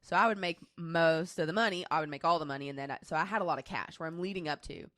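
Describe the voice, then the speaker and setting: A woman's voice: low-pitched, fast talker, a bit bright, no echo, clean studio sound. A woman in her twenties co-hosting a casual podcast, telling a personal story in a candid, rambling way with many restarts. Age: 20s. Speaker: podcast co-host.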